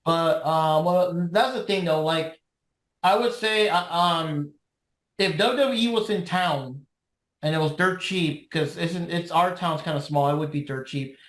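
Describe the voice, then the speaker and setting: A man's voice: on the high side, a little slow, a bit bright, reverberant. A man co-hosting a podcast, rambling in laid-back casual chat with many restarts. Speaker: podcast co-host.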